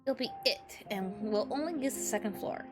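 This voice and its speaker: A woman voicing a playful young boy who talks in a bright, coaxing way. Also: medium pitch, animated, moderate pace, music in the background, pitched above the performer's own voice, close to an everyday voice.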